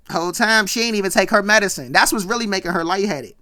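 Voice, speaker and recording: A woman's voice: medium pitch, fast, hardly any pauses, bright, forceful tone. A woman giving a chatty, slangy recap of an old sitcom episode, with asides to her viewers. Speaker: vlogger.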